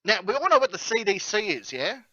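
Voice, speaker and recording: An Australian man with a high, bright voice spins comic stories on a casual talk show, slipping into goofy voices for the people in his bits. The sound is dry and a little muffled. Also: huge pitch swings, brisk, creaky, slightly rough, no room sound. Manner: rambling comic storytelling, acts out phone calls in silly voices. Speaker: podcast host. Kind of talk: comedic casual chat.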